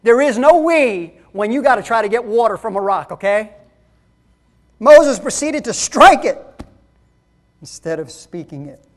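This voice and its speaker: A man's voice: sits high, expressive, unhurried, long pauses. An emphatic male preacher delivering a sermon to his congregation. He hammers his points home in short phrases and calls out to the listeners as folks.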